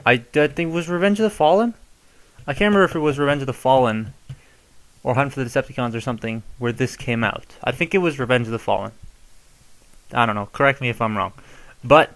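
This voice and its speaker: A man's voice: medium pitch, quick pace, pauses often, a bit bright. A young man casually showing how to modify a toy, chatty and given to rambling asides. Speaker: toy reviewer. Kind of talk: casual hands-on tutorial.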